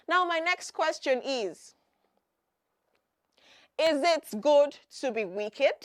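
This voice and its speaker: A woman hosting a children's Bible program. She asks the children questions, then answers them herself and repeats the key points with emphasis. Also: high voice. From Nigeria.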